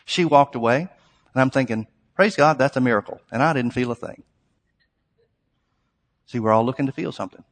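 A man's voice: mid-range voice, fairly quick, long pauses. A man preaching a sermon, telling a story in a conversational way and then rising to emphatic exhortation. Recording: long hall reverb.

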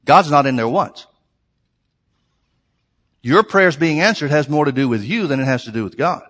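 A man's voice: on the high side, animated, moderate pace, fairly bright tone. A man preaching a sermon to his congregation, earnest and conversational, with emphatic repetition. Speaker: pastor. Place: church sanctuary. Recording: long reverb of a large hall.

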